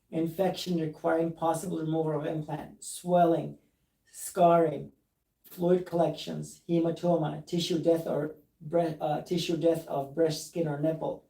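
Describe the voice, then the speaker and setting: A man's voice: a little high, mellow, echoey room, far from the mic, rough recording. A man who is a plastic surgeon, speaking earnestly and emphatically and reading documents aloud during a recorded live discussion.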